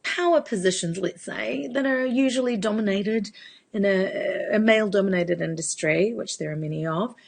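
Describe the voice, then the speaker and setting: A woman's voice: mid-range voice, normal speed, gravelly. A woman, giving a chatty live Q&A as a vocal coach. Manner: chatty, explanatory, demonstrates voice changes. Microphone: phone.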